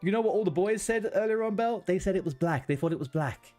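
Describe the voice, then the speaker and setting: A man's voice: sits high, animated, fast, darkish tone, soft background music. Ranting streamer guy. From London, England. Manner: chatty, ranting, swears freely. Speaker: livestreamer. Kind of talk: casual chat with viewers. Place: home room with a blue wall.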